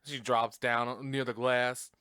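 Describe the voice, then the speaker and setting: A young man hosts a casual podcast and retells a movie's plot in a loose, profane, laughing way. His voice is smooth and clear, and it sounds close and dry, with no room echo. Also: medium pitch, level tone, slow, pushed and bright. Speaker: podcast host.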